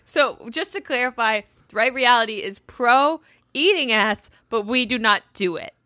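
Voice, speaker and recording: A woman's voice: fairly high pitch, normal speed, sharp tone, no room sound, clean studio sound. A woman co-hosting a podcast, chatting playfully about reality TV and laughing often. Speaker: podcast co-host. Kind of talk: casual reality TV recap chat.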